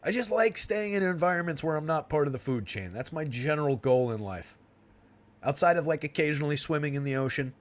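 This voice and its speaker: A young New Jersey man runs a fantasy sports livestream, rambling casually with plenty of laughs and fillers. His voice sits on the high side, expressive and fairly quick.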